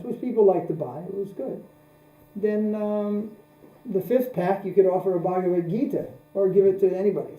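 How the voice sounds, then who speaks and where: This religious lecture comes from a spiritual teacher with a creaky, narrow voice on the high side, speaking in a measured, anecdotal, repetitive way. The audio is tinny, with room echo and a mains hum.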